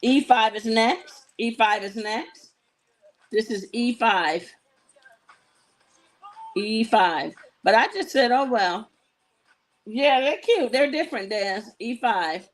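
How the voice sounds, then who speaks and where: A sassy woman hosts a live jewelry-selling stream, her voice sitting a little high. She chats casually and spins stories between items, turning now and then to speak straight to her viewers. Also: animated, takes it slowly, poor audio. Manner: sassy, chatty storytelling with asides to viewers.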